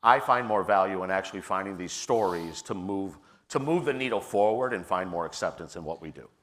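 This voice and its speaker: A middle-aged man speaking on a panel in an earnest, personal storytelling manner, with a low voice. He often restarts his phrases as he talks. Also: lively intonation, fairly quick, a bit bright. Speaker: panelist, theater leader. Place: stage at a public forum.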